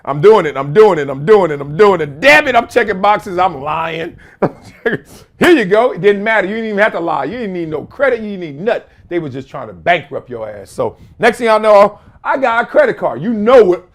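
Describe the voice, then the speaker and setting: A man in his fifties hosting his own show from a room at home, telling stories in a casual, slangy way that bursts into shouts and laughter. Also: high voice, very animated, normal speed. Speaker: show host. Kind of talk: casual storytelling monologue.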